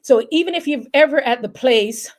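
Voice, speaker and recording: A young woman with a Jamaican accent and a high voice hosts a relaxed livestream. She chats freely with her viewers and reads their comments aloud. Her laughter comes often between stories. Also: moderate pace. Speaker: livestream host. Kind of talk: casual livestream chat. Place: home in New York.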